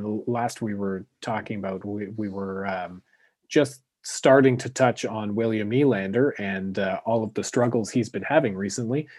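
A man's voice: lowish voice, darkish tone, dry recording. Rambling casual man, dry close sound. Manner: rambling, lots of fillers and restarts. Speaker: podcast co-host. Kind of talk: casual hockey chat.

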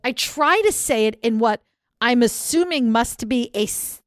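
A woman's voice: fairly high pitch, animated, measured pace, dry recording, studio quality. A candid, self-deprecating woman. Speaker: podcast guest, author. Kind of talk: frank casual chat.

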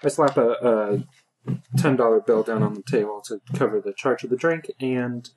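A woman playing in a tabletop game, relaxed and hesitant, with many small fillers. Her voice is strikingly low for a woman. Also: moderate pace. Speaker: player. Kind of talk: tabletop role-play.

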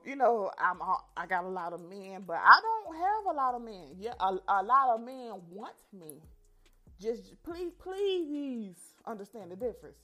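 Bright-voiced young woman, frank storytelling. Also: mid-range voice. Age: young adult. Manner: frank, profane, animated. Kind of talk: candid storytelling to listeners.

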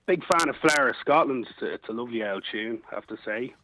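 A man's voice: medium pitch, expressive, fast talker, pushed and bright, poor audio. A man from Ireland with a Dublin accent, calling in as a fan with dry, wry replies. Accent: Dublin Irish. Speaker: caller, fan.

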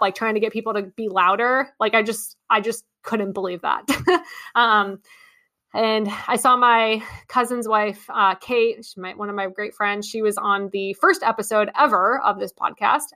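A young adult woman hosting a podcast, telling a story in a chatty, excitable way with many ums and likes. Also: medium pitch. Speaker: podcast host. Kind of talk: casual monologue recap.

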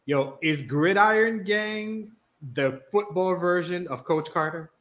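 A man cohosting a casual podcast, tossing in quick, wry remarks and teasing his cohost. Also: sits high, fairly bright tone.

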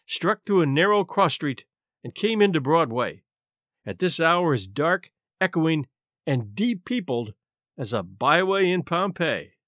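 A man narrating a classic short story aloud with an expressive, theatrical reading. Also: a little high, unhurried, no echo, studio quality. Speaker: narrator and podcast host.

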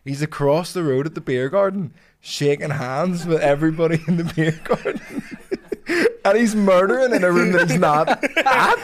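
Lively higher-voiced man, laughing. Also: slight background noise. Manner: laughs often, chimes in with quick remarks. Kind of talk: casual chat, comic storytelling.

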